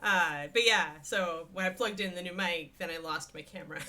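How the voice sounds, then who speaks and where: A woman's voice: fairly low pitch, normal speed, sharp tone. A woman livestreaming from home, chatting casually and rambling with a laugh while talking into a desk microphone. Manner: chatty, rambling, self-amused. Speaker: livestreamer painting miniatures. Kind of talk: casual live-stream chat. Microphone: desk USB microphone at face level.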